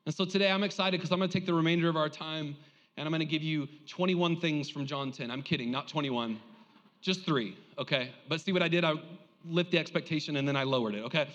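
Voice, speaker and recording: A male pastor preaching a lively sermon, joking and calling on the congregation to respond. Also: fairly high pitch, in a large hall, dull audio.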